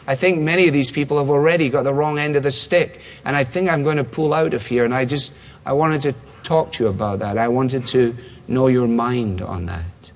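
A man voicing Jesus in quiet, earnest prayer. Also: medium pitch, natural voice. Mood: earnest, prayerful. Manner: earnest, halting, intimate. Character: Jesus praying alone, earnest and humble. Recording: long hall reverb.

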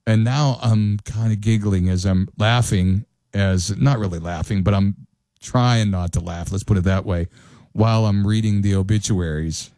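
A man's voice: on the low side, normal speed, warm tone, dry recording. A male radio host telling a rambling anecdote, correcting himself as he goes and chuckling along. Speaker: radio talk show host. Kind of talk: casual radio storytelling.

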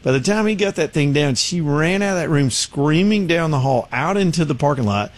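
A man's voice: a little high, lively intonation, fairly quick. Man telling stories. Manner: storytelling, acts out voices and laughs often. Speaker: radio show host. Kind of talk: casual chat.

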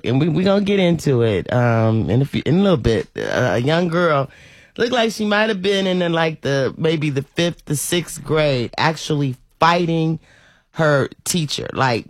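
Woman talk show host, animated and preachy, dry close sound. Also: low-pitched, dry recording. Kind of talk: casual talk show chat.

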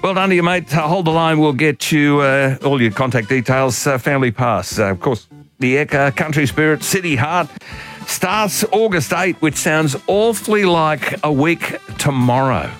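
A man's voice: a little high, expressive, normal speed, fairly bright tone. Aussie radio guy bantering on air, jokey, bit of music under him. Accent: Australian. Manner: jokey, chatty. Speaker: radio host.

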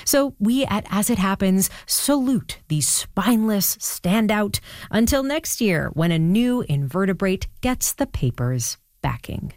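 A woman's voice: medium pitch, lively intonation, unhurried, a little mellow, no echo, clean studio sound. A woman hosting a radio show, reading a scripted segment in a wry, conversational way.

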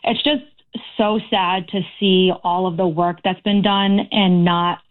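A woman's voice: on the low side, fairly even intonation, unhurried. Female caller, earnest and aggrieved, heard over a thin phone line. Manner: earnest, aggrieved, talks in long runs. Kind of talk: call-in talk radio. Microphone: telephone.

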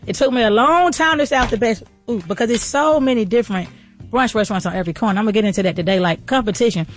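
Fast-talking woman giving fervent pep talks. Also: fairly high pitch, soft background music. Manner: fervent, preacher-like encouragement; casual, folksy. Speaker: podcast host and entrepreneur. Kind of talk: motivational faith-based talk.

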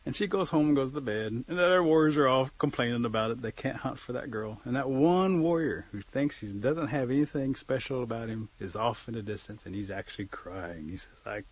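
A man telling an old folk tale to listeners, lively and playful, acting out scenes. His voice is slightly husky at a middle pitch. The recording is dull and lo-fi. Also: a little fast, few pauses. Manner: lively, acts out voices, aside jokes. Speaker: storyteller. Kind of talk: oral folk storytelling.

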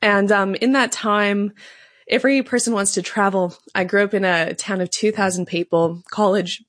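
A woman's voice: mid-range voice, fairly even intonation, normal speed, a bit bright, no room sound, studio quality. A woman from Canada, telling her story in an earnest, fluent way as an interview guest. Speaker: guest, pro-life advocate. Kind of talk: interview conversation.

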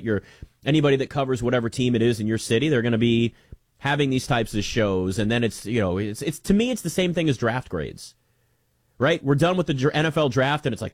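A man hosting a live sports talk show, bantering loudly with a studio colleague, then talking casually about football. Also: mid-range voice, dry recording. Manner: animated, joking banter, loud and energetic. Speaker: sports radio host.

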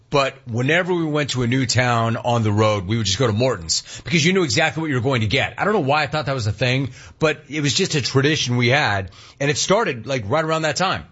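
A man hosting a talk radio show, telling animated stories and taking calls in a casual, joking way. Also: mid-range voice, breathy edge, lo-fi sound. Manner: animated storytelling, laughs at clips.

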